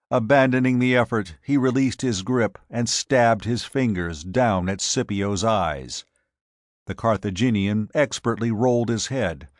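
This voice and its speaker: Slow, low-voiced male audiobook narrator. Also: no room sound, clean studio sound. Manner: measured, dramatic storytelling.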